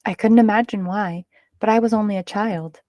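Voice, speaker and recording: A woman's voice: medium pitch, fairly even intonation, moderate pace, warm tone, no room sound, studio quality, lightly acted. A woman reading as a wistful old grandfather. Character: elderly grandfather, sad and fading memory.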